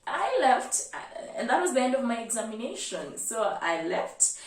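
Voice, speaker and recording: A young Kenyan woman with a fairly high voice tells a story from her life in a lively, animated way. She sits a bit back from the mic, and her voice rings in a roomy, echoey space. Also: moderate pace, distant mic. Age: 20s. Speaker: medical student vlogger. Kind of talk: storytelling vlog.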